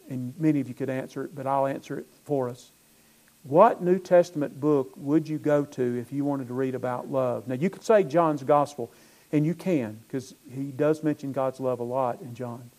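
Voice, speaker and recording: A man preaching a sermon in a church, swelling into slow, emphatic phrases. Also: medium pitch, a little mellow. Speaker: pastor. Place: church sanctuary with choir.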